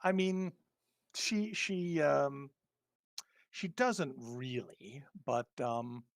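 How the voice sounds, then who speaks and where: Gravelly-voiced man running a tabletop game. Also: medium pitch, animated, no room sound, studio quality. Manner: halting, many ums and restarts. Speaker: game master.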